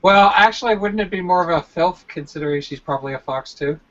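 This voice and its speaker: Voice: medium pitch, quick pace, fairly bright tone, muffled recording. A tabletop player throwing in teasing jokes and quips.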